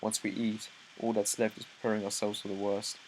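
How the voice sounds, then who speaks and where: Low-voiced man reading manga aloud. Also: fairly quick, a little hiss or hum, low-quality recording. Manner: reads dialogue aloud, breaks off into excited asides, stumbles and restarts. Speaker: manga reaction host. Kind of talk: live reaction read-through.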